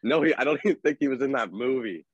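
A man's voice: mid-range voice, animated, quick pace, slightly rough, dry recording, lo-fi sound. A man co-hosting a comedic podcast, defensive and argumentative as he talks. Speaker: podcast co-host.

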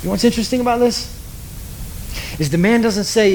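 A man preaching a sermon, telling a story dramatically with emphatic pauses and repetition. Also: very high voice, a little mellow, slight background noise.

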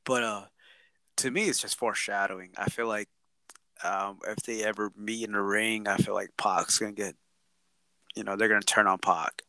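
A man's voice: fairly low pitch, steady tone, normal speed, pushed and bright, smooth, no echo. A man co-hosting a casual chat, laid-back and rambling, laughing often and swearing now and then.

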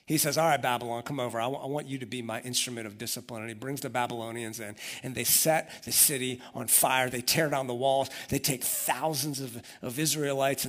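A man preaching a sermon, telling the story with energy and acting out the voices of the people in it. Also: medium pitch. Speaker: pastor.

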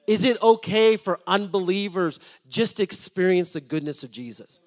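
A man preaching a sermon to his congregation, swinging from loud appeals to soft, hushed storytelling and repeating words as he starts a thought. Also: high-pitched, animated, normal speed.

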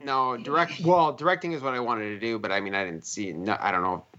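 A man's voice: medium pitch, fairly quick, bright, forceful tone, highs cut off. A man from Minnesota, a filmmaker guest in casual interview chat, rambling through his stories with many restarts.

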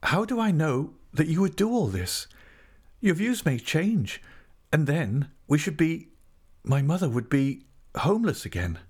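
A man's voice: fairly high pitch, big pitch swings, a little slow, breathy edge, pitched above the performer's own voice, heavily acted. A man voicing a proud, wounded young country woman. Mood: pleading. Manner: pleading then defiant, raised voice. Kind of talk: audiobook character voice.

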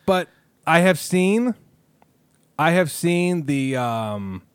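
Rambling, jokey man with a higher voice. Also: expressive, extremely slow, clean tone, no room sound. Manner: rambling, jokey, trails off and restarts. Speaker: podcast co-host. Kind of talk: casual podcast banter.

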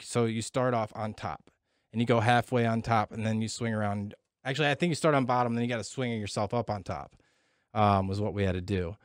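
A man's voice: on the low side, no room sound, clean studio sound. Profane man telling a story. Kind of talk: casual chat.

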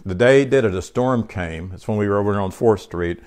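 A man's voice: lowish voice, brisk, darkish tone. A male pastor preaching in a conversational sermon style, reading scripture aloud and putting questions to his congregation. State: short on sleep.

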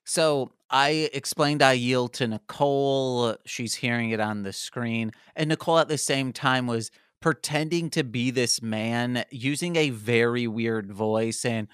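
A man's voice: medium pitch, a little slow, few pauses, a bit bright, clean tone, no room sound, clean studio sound. A man co-hosting a casual podcast, telling an anecdote in easygoing chat. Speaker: podcast co-host.

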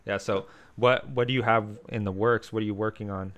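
A man's voice: lowish voice, steady tone, a little fast, fairly bright tone. A man interviewing a musician in casual chat, loose and swearing freely.

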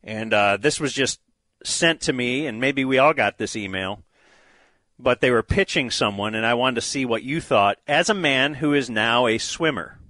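A man's voice: mid-range voice, normal speed, bright, forceful tone, no room sound. A man hosting a radio show, blunt and wry as he steers the talk. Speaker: radio host. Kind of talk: casual radio banter.

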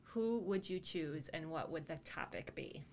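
A woman's voice: low voice, lively intonation, a little mellow. Woman podcast host, friendly interviewer, faint background noise. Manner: friendly questioning, quick affirmations. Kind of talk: casual interview.

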